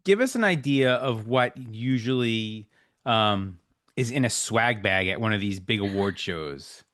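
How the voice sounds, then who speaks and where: A man's voice: fairly low pitch, expressive, a little slow, fairly bright tone, no echo, studio quality. A man co-hosting a podcast, asking questions in an easygoing, good-humored way. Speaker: podcast co-host. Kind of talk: casual interview chat.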